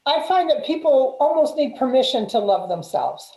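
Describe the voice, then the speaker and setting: A woman's voice: high-pitched, big pitch swings, normal speed, dark tone. A woman guest in a casual conversation, speaking in an affirming way and telling personal stories. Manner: affirming, tells personal anecdotes. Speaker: guest healer. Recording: roomy echo.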